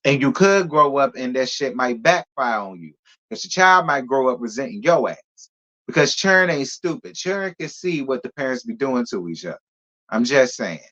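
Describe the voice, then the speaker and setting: A man's voice: medium pitch, very animated, normal speed, bright, forceful tone. Sassy man in dull lo-fi gossip talk. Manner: sassy, talks straight to viewers. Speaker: celebrity gossip vlogger. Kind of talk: casual gossip commentary.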